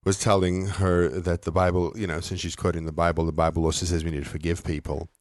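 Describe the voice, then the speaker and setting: A father in his thirties recounts a bedtime story on a parenting podcast. His voice is very deep and soft, and he stops often on fillers. The recording is dry and close. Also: flat delivery, quick pace, dry recording. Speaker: co-host. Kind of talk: casual podcast chat.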